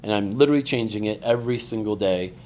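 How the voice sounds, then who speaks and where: A man's voice: on the low side, fast talker, a little hiss or hum. A man guesting on a podcast, chatting casually and acting out quotes as he tells stories. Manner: animated storyteller, acts out quoted voices. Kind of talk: casual chat.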